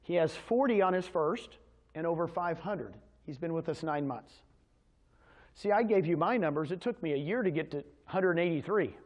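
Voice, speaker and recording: Energetic man quizzing his audience. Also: a little high, moderate pace. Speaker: presenter at a real estate agent meeting. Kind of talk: motivational sales presentation.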